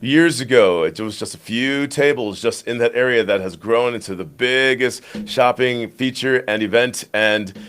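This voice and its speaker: A man hosts a live show with upbeat, easy patter, filling gaps with quick ums and ands as he moves from one item to the next. His voice sits at a middling pitch and comes across as plain and friendly. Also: fairly bright tone, clear, resonant tone. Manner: upbeat host patter with frequent fillers. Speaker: host.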